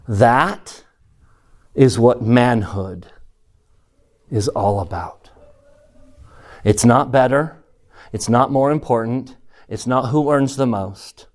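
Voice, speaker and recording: A middle-aged man giving a speech, telling personal stories in an animated way and acting out the people he quotes. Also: medium pitch, takes it slowly, long pauses. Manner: animated storyteller, acts out quotes, chuckles through stories. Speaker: speaker addressing an audience.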